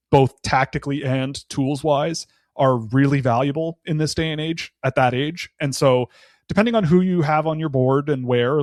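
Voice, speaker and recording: A man breaking down hockey prospects in a loose, thinking-aloud way. He restarts his sentences often and stacks up qualifiers. His voice is mid-pitched and recorded close and dry, with no room sound. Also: a little mellow, dry recording. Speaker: draft analyst guest. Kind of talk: casual podcast analysis.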